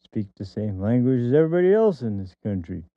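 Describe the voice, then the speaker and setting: A man putting on the voice of an indignant, grumpy middle-aged man, loud and exasperated, over a tinny phone-like line. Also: medium pitch, sing-song, fast, no echo.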